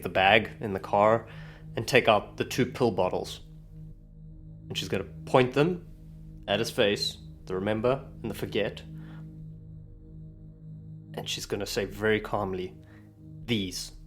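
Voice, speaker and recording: A man playing a tabletop horror game, narrating his character's actions in a deliberate, measured way. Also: on the low side. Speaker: player. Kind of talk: casual in-character tabletop play.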